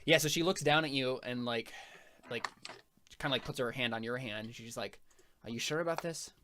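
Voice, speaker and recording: Brief: young male game master, bright, forceful voice, rambling and laughing as he narrates. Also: mid-range voice, fairly quick, slight background noise. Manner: rambling, full of fillers and laughs.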